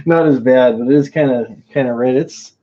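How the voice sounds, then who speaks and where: A man's voice: medium pitch, a little slow, mellow. A man chatting casually on his live stream, rambling from one thing to the next and chuckling as he goes. He greets viewers by name. The sound is a bit dull and lo-fi.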